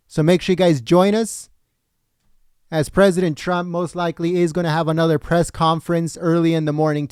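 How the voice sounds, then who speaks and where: Earnest livestream host, bright and clear. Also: male voice, on the high side, dry recording, studio quality. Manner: earnest, chatty, addresses viewers directly. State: tired voice after a long stream. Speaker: livestream political commentary host. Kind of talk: casual livestream sign-off.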